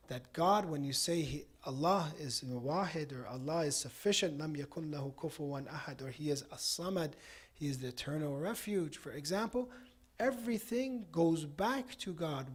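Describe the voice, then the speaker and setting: A man preaching at a mosque on a Ramadan night. He tells a story in a relaxed, conversational way, with many "you know" asides, and closes with a prayer. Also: fairly high pitch, fairly quick, husky. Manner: ends with a supplication. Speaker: cleric giving a Ramadan night talk. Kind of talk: sermon with storytelling.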